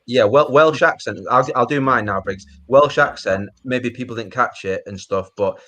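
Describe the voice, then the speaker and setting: Blunt, crude man, bright low voice. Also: normal speed. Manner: blunt, crude, stammering restarts. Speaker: panel judge. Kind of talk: casual panel chat.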